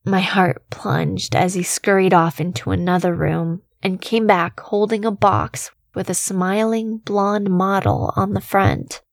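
A woman reading a scripted horror story in the first person, slow and measured, with a quiet tension running through her storytelling. Her voice sits close to the mic in a dry, dead space. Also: mid-range voice, steady tone, vocal fry, no room sound. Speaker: narrator.

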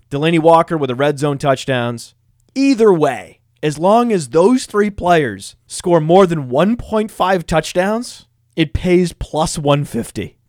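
A man hosting a fantasy football podcast, reading ads in a boastful, self-mocking, energetic way. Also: on the high side, no echo, clean studio sound. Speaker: podcast host.

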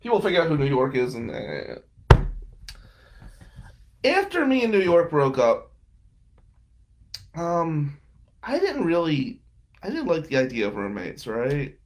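A man's voice: a little high, wildly swooping pitch, a little slow, long pauses, a little hiss or hum. A man casually telling wry stories about past roommates and girlfriends, with frequent laughing asides. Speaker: podcast guest telling stories. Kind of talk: casual storytelling.

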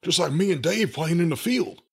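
A man's voice: a little high, lively intonation, moderate pace, creaky, a bit bright, slightly rough. A man co-hosting a podcast, cutting in with sardonic jokes. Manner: sardonic, joking interjections. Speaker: podcast co-host. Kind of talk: casual podcast banter.

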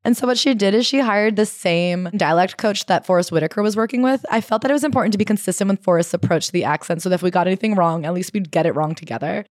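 A woman co-hosting a podcast in casual chat, animated and swearing freely while reading quotes from a memoir. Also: medium pitch, fast, few pauses, dry recording, studio quality. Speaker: podcast co-host. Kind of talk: casual book-club chat.

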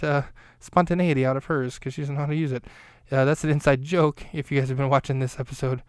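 A man recaps an episode of his own podcast solo, rambling casually with self-deprecating jokes and asides. His mid-range voice is smooth, and the sound is clean studio audio with no room sound.

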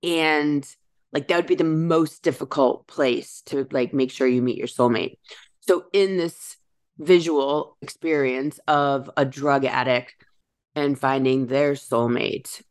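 A woman with a strikingly deep voice talks through spiritual ideas in a relaxed podcast chat. She muses aloud and slows down to stress the words that matter. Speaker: podcast host.

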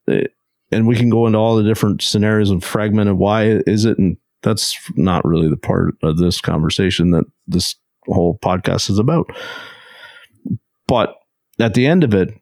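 Podcast guy, lowish voice, calm explainer, keeps asking right?, dry sound. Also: moderate pace, no echo. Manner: steady, explanatory, checks in with "right?". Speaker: podcast co-host. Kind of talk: casual podcast chat.

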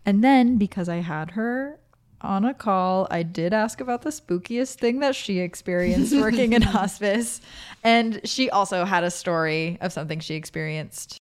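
A woman's voice: medium pitch, normal speed, smooth. A woman hosting a podcast, talking casually and reflectively, with lots of "like". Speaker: podcast host. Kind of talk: scripted podcast narration and interview commentary. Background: background music.

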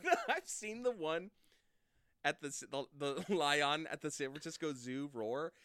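A man co-hosting a podcast in casual comedic chat, animated, swearing and laughing often. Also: a little high, measured pace, smooth, no echo, studio quality. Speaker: podcast co-host.

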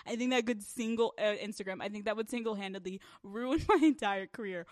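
A woman's voice: a little high, fairly quick, hardly any pauses, dry recording. A young adult woman hosting a casual solo podcast, candid and crude, joking as she talks into a close mic. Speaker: podcast host.

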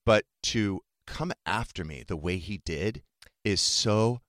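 A man's voice: lowish voice, takes it slowly, fairly bright tone, dry recording, studio quality. A man hosting a talk podcast, candidly and emotionally retelling a painful family fight in casual chat. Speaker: podcast host.

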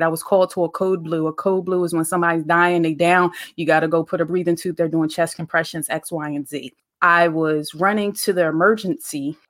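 A woman hosting a podcast, talking in a casual, preachy, faith-based monologue full of slang. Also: lowish voice. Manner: conversational, preachy, uses slang and dialect grammar. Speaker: podcast host.

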